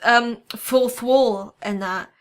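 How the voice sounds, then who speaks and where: A woman co-hosting a podcast in casual chat, excitable and quick to laugh. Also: on the high side. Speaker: podcast co-host.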